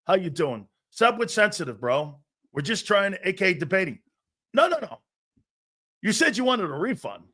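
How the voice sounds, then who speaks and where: Brash, loud sports host. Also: male voice, high-pitched, normal speed. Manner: brash, loud and animated, often laughing at himself. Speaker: sports talk show host. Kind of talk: live sports talk show reacting to chat.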